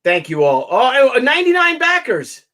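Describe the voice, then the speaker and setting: A man's voice: very high-pitched, normal speed, poor audio. A man hosting a casual online talk show, telling a long story with many restarts and asides. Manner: rambling, animated storytelling with frequent restarts. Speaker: show host. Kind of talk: casual chat.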